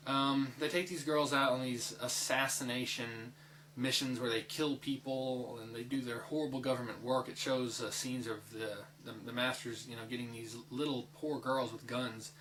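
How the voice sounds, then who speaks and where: Bright-voiced rambling young male reviewer. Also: mid-range voice, rough recording. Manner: rambling, frequent fillers and restarts, swears. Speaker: anime reviewer. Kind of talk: casual spoken review.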